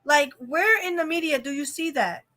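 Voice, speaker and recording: Young adult woman vlog host, high and bright, rambling and opinionated. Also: normal speed. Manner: opinionated, rambling rant with many fillers. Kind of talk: casual live-stream chat.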